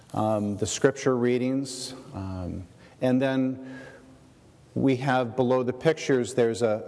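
A man giving a shared sermon as pastor, reflective and halting, with many fillers and restarts. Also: mid-range voice, darkish tone, long reverb tail.

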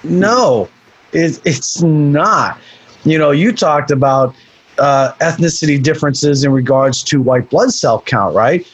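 Man, nutrition coach, husky, slightly higher voice, earnest and restarting. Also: slow pace. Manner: earnest, repeats words when starting sentences. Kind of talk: casual podcast chat.

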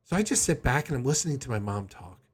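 A man with a husky, slightly breathy voice tells a long personal story straight to his viewers. His delivery is casual and rambling, jumping between details and often stumbling over his restarts. His pitch sits in the middle range for a man. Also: fast. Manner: rambling, animated retelling with frequent restarts. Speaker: vlogger.

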